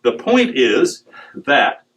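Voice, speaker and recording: A middle-aged man giving a humorous talk to a live audience, animated and joking, with digressions and acted quotes. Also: medium pitch, very slow, low-quality recording. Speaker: speaker on dowsing.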